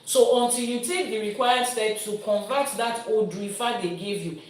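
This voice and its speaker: Woman, priestess teaching, mid pitch, distant mic, very echoey room. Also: normal speed. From Nigeria. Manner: explains with everyday comparisons, lively teacherly delivery. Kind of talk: teaching and answering viewer questions. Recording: roomy sound from a distant mic.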